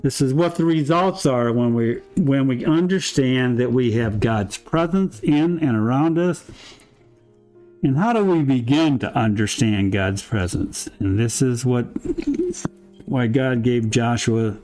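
Male pastor, mid-pitched, unhurried emphatic sermon delivery, faint music underneath. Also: a little mellow. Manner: slow, emphatic preaching with rhetorical questions. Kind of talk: Bible study sermon.

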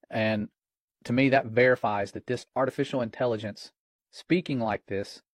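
Earnest and alarmed, this middle-aged co-host of a Christian watchman podcast reads chat quotes aloud during casual religious commentary. His voice sits at a medium pitch, with no room sound.

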